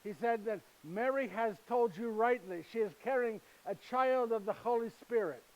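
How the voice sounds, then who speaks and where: Man playing Saint Joseph, humble, earnest, high voice, slightly broken English, live monologue to an audience. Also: a little mellow, lo-fi sound. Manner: halting, slightly broken English, speaks directly to listeners. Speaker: actor in first-person monologue. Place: retreat gathering with live audience.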